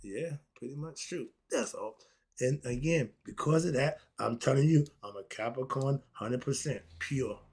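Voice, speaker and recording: A man's voice: medium pitch, moderate pace, a little mellow, husky. A man, delivering an emphatic, casual monologue full of rhetorical questions and short laughs. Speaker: philosophy vlogger.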